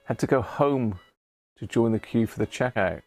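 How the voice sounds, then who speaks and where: A chatty British man hosts a casual live stream at home, his voice gravelly with a touch of fry. He sits at a middle pitch, laughs often and thanks viewers as he goes. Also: normal speed, darkish tone. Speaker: livestream host.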